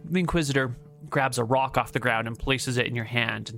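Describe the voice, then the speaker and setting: A man's voice: medium pitch, fairly quick, gravelly, a bit bright, soft background music. A man narrating as game master in a tabletop game, casual and descriptive, with frequent filler words.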